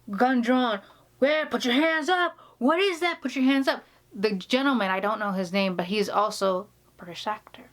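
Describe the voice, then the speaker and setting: A woman vlogger chats casually in an indoor room, telling a story with laughter and many restarts. Her voice is medium in pitch with a fairly bright tone.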